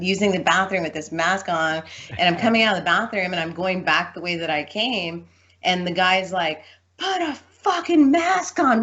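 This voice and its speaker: A woman talking casually as a guest, telling a lively story and acting out the people in it. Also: lowish voice. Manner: animated storyteller, acts out quoted voices. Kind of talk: casual chat. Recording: dull lo-fi sound.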